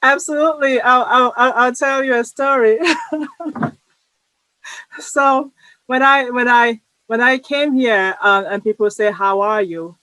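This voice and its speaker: A woman with a somewhat high speaking voice talks as a podcast guest, recorded close and dry with no room sound. She tells her stories in an animated way and laughs easily between them. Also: measured pace, pauses often, dry recording, poor audio. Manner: animated storyteller who laughs often. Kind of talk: conversational interview.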